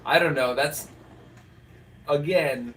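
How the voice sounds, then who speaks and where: Young male streamer, bright tone, chatty and jokey, slightly distant mic. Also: on the high side, slow pace, a little hiss or hum. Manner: joking, rambling, frequent restarts. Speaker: streamer co-host. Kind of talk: casual stream chat reading chat.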